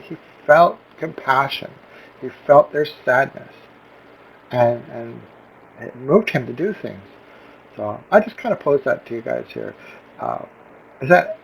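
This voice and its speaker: Earnest man with a gravelly voice. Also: fairly high pitch, lo-fi sound. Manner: earnest, searching, with many restarts. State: close to tears. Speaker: vlogger. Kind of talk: reflective personal vlog.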